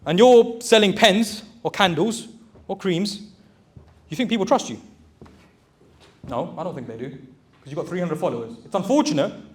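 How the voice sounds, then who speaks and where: In his 30s, this high-voiced man is plain-spoken and pushy as he gives a motivational talk before a live audience. He owns a recruitment business, speaks directly, urges his listeners on, and calls them brothers.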